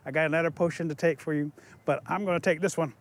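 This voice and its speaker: A man voicing a blunt, knowing little male mole in a told folk tale, speaking slowly and low. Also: steady tone, natural voice. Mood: low, commanding. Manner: slow, low, matter-of-fact. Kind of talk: oral storytelling.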